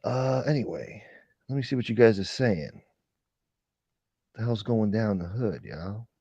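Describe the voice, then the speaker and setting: A man's voice: lowish voice, animated, a little slow, mellow, breathy edge, no room sound, muffled recording. A man hosting a casual late-night livestream chat, rambling and swearing as he reads and answers viewer comments. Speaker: livestream host.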